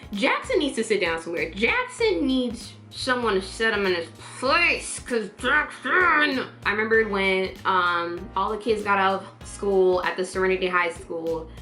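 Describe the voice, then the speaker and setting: Lively, bright-voiced woman vlogger. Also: medium pitch, moderate pace, few pauses, echoey room, soft background music. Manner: animated, acts out quotes in playful voices. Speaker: vlogger reviewing a TV series. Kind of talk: casual chatty review.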